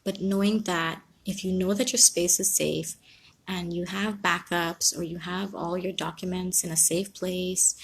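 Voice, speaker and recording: Calm woman giving advice. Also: lowish voice, measured pace, vocal fry, slightly rough. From Guyana. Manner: calm, reassuring, reads out viewer comments. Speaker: counsellor. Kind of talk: live-stream advice talk.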